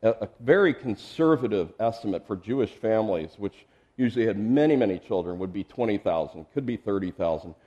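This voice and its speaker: Mellow-voiced pastor preaching casually. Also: male voice, lowish voice, lively intonation, fairly quick, lo-fi sound. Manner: conversational, with asides and chuckles; repeats words while thinking. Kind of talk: expository sermon.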